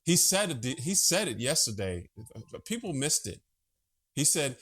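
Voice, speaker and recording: A man's voice: fairly high pitch, big pitch swings, unhurried, a bit bright, breathy edge. A man hosting a casual monologue vlog from home, chatty, profane and easily sidetracked. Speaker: vlogger host.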